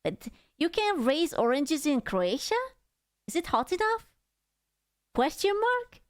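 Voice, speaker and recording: A woman's voice: high voice, very animated, takes it slowly. A woman streamer giving casual, playful, teasing reaction commentary full of slang. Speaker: VTuber streamer reacting to videos.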